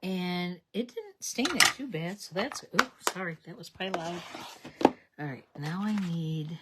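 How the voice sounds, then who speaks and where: At her craft table, a livestream host chats while walking herself through each stage of making a card. Her voice is lowish, her speed normal, and the background is noisy.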